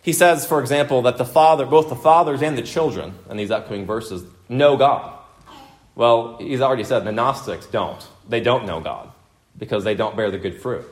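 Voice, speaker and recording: A man's voice: medium pitch, normal speed. A man preaching an expository sermon, stressing his points by repeating them and putting questions to the congregation. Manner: emphatic, repeats points for emphasis, asks the room questions. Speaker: pastor.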